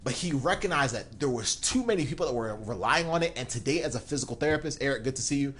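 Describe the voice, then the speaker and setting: A man's voice: medium pitch, expressive, fast talker, fairly bright tone, slight background noise. A man hosting a mentorship live stream, giving an emphatic pep talk straight to his viewers.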